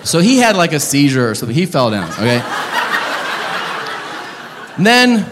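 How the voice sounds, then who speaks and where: A man telling a profane stand-up story, with loud outbursts when he acts out the people in it. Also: a little high, big pitch swings, normal speed. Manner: profane storytelling, acting out shouted characters. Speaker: stand-up comedian. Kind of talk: stand-up comedy set. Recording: live club, long reverb and room noise. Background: audience laughter.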